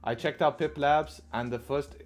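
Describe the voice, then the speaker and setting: A man's voice: on the high side, fairly even intonation, moderate pace, soft background music. A man hosting a live trading stream, talking casually to viewers and often tagging his points with "right?". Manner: conversational, keeps adding "right?", profane asides. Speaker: trading livestream host.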